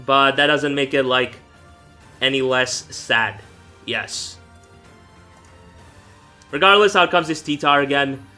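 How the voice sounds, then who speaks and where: A young man with a bright, forceful, medium-pitched voice speaks slowly with long pauses. As a gaming YouTuber he rambles through casual live commentary on his competitive match, correcting himself and swearing lightly, with faint background music.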